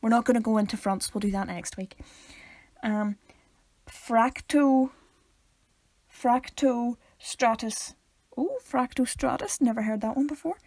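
A young Northern Irish woman with a high voice chats casually as a podcast co-host. She cracks deadpan jokes and stumbles a little when reading aloud, close to the mic in a dry room. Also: no echo. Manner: playful, deadpan jokes, reads aloud haltingly. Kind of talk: casual chat.

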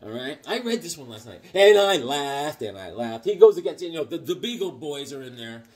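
A man's voice: on the high side, very animated, normal speed. A middle-aged man chatting casually about his comic book finds, rambling and joking with silly voices in his stories. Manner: rambling, jokey, puts on silly voices in anecdotes. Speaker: comic book collector vlogger. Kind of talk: casual show-and-tell chat.

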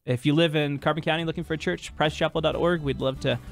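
Pastor guest talking on Christian radio. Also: male voice, fairly high pitch, fairly even intonation, creaky, soft background music. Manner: conversational, halting restarts, explanatory.

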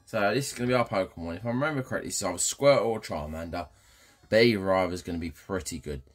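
Male let's-player, low husky voice, cheeky banter to viewers. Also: fast talker, faint music behind. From England. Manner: cheeky, banter-heavy, keeps addressing viewers. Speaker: gaming channel host. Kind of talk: casual let's-play commentary.

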